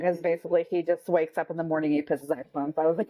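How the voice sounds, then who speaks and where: A woman's voice: sits low, fast talker, few pauses. Woman co-host, casual chat. Blunt, profane, mimics others. Lo-fi recording. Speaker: podcast co-host.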